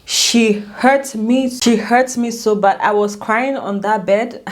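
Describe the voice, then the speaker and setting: Woman vlogger, casual storytelling to camera; emotional, restarts often, voice leaps up and down. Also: slow. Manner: emotional, animated, with many restarts and swings in pitch.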